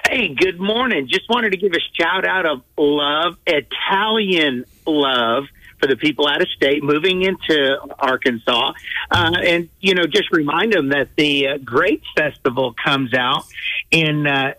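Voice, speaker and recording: A man's voice: on the high side, unhurried, pushed and bright, no room sound, low-quality recording. A man calling in to a radio morning show, joking and playfully doing his grandmother's voice. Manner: jokey, does his grandmother's voice. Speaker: caller. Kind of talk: phone call to a radio show.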